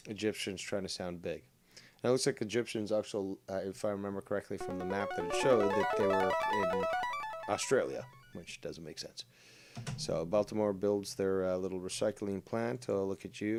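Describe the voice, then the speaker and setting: A man's voice: fairly low pitch, darkish tone, no echo. A man streaming a strategy game, thinking aloud with many fillers and making crude, sarcastic remarks. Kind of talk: live gaming commentary.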